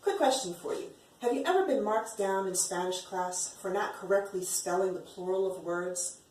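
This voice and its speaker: A woman's voice: medium pitch, darkish tone, distant mic, slight background noise. Upbeat woman teaching in an echoey room. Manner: upbeat and encouraging, repeats words slowly to drill them. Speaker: Spanish teacher. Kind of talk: classroom lesson at a whiteboard. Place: classroom with a whiteboard.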